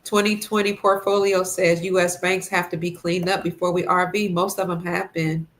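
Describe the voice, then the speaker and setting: Fasting and a little stuffed up, a woman runs an easygoing livestream where she reads comments and greets viewers by name. Her voice is on the low side, fairly flat in pitch, at a moderate pace.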